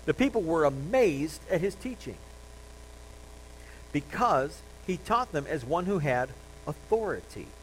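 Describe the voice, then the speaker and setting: A man's voice: a little high, sing-song, unhurried, pauses often, a little hiss or hum, rough recording. A male pastor preaching a sermon in a conversational, joking way, reading scripture aloud.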